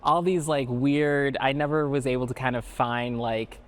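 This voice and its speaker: A man's voice: medium pitch, fairly even intonation, moderate pace, clean tone. A man in a panel discussion, talking reflectively and hesitantly with many fillers. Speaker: panel participant. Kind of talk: reflective casual talk.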